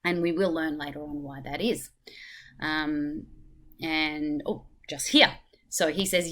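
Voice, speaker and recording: A woman teacher who explains a play in a thoughtful way and pauses with hesitant fillers as she goes. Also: low-pitched, steady tone, fairly bright tone. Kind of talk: spoken literature lesson.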